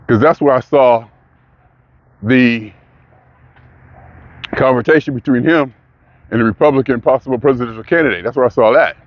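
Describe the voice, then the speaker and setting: A vlogger with a mid-range voice rambles through a casual monologue, questioning himself, restarting often, and sometimes mocking others in put-on voices. The recording sounds muffled.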